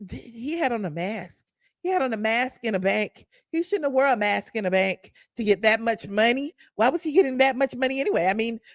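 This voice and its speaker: A woman's voice: high voice, dry recording, studio quality. A Southern-accented woman hosting a live stream, ranting heatedly and profanely with emphatic repetitions. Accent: Southern American. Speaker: YouTube commentary host. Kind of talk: live-stream commentary rant.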